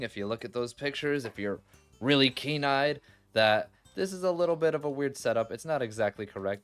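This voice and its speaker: Male let's-play host, smooth, resonant, mid-pitched voice, chatty and quick to exclaim to viewers. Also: a bit bright. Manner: chatty, exclaims and laughs readily, talks straight to viewers. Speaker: gaming video creator. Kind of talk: casual let's-play commentary.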